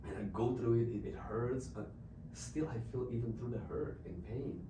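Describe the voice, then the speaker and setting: A man from the Czech Republic who speaks English with a Czech accent, an expressive missionary telling stories as an interview guest. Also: mid-range voice, normal speed, background noise. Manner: expressive, laughs often. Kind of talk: animated storytelling. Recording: roomy, distant mic.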